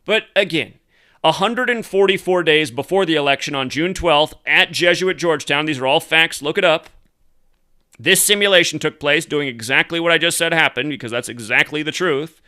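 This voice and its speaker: A man's voice: a little high, normal speed, bright, forceful tone. A man hosting a solo commentary show, ranting angrily and swearing often. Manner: angry, profane, emphatic ranting. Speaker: conspiracy commentary host.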